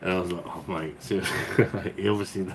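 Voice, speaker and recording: A deep-voiced man tells a loose, rambling story to his viewers. He swears freely and chuckles as he goes, over a faint hiss of background noise. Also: steady tone, moderate pace. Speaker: beer review channel host. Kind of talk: casual storytelling chat and viewer Q&A.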